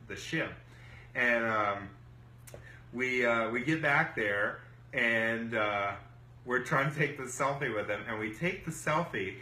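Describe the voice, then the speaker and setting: A man recounts a story on his vlog in a loose, animated way, full of ums and uhs. His voice is bright and forward. The room adds a noticeable echo, with faint noise underneath. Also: medium pitch. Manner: animated, many fillers. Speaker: vlog host. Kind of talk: casual storytelling.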